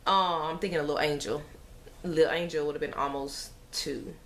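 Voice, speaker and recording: A woman's voice: deep voice, fairly even intonation, a little fast, a bit bright. A woman, a mother, chatting to camera in a rambling, emotional way with sighs and fillers. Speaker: mother vlogger. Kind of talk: casual chat to camera.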